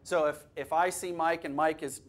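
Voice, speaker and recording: Lively man leading a teacher workshop. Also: a little high, normal speed. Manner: lively, conversational, asks the audience questions, jokes. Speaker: workshop presenter. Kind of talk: teacher training workshop lecture. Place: classroom or workshop room with a live audience.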